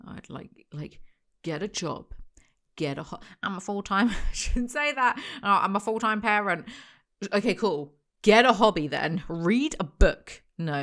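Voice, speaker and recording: Woman, lowish voice, sardonic reaction-video host ranting with quick asides. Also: a bit bright, smooth. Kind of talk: casual chat to camera.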